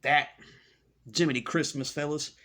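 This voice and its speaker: A man's voice: fairly high pitch, fairly even intonation, moderate pace, pushed and bright. A middle-aged man delivering a scornful, repetitive ranting monologue as a commentary host.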